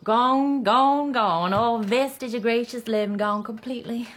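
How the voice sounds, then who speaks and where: A woman's voice: fairly high pitch, unhurried, fairly bright tone. An actress playing a faded, chatty Southern belle mother in middle age, with a Southern accent and a genteel, rambling manner. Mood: gushing. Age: middle-aged. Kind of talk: stage drama acting.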